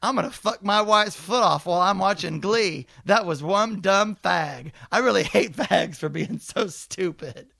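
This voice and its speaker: A man's voice: high-pitched, a little slow, gravelly, few pauses, bright, forceful tone, no echo, studio quality, full character voice. A man voicing a crude, scheming working man down on his luck, speaking in a folksy, coarse drawl.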